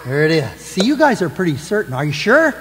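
A man as pastor giving the children's message in church, gently asking the kids questions. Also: high-pitched, very animated, brisk, big-room sound, low-quality recording. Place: church sanctuary.

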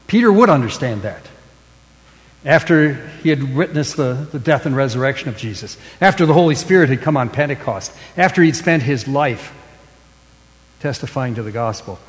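A pastor preaching a sermon, with emphatic stresses that fall away into hushed line endings. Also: male voice, medium pitch, lively intonation, brisk, long reverb tail, poor audio.

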